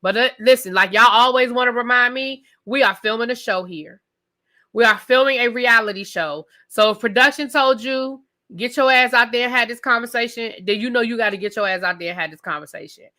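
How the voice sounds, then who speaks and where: Loud, bright-voiced woman reviewer ranting. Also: a little high, a little fast. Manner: loud, emphatic, talks straight to the audience. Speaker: TV review show host. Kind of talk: live casual rant to viewers.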